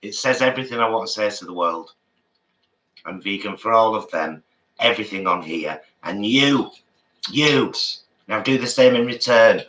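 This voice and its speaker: Low-voiced playful man. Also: fairly quick, a bit bright. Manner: playful, jokey, affectionate. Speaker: co-host. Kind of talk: casual live-stream chat while eating.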